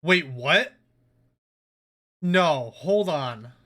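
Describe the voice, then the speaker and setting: A man's voice: a little high, lively intonation, drawn-out words, fairly bright tone. A man streaming a video game live, reacting with emotion and frequent swearing. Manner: emotional and profane, swearing often. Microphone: desk mic, no webcam.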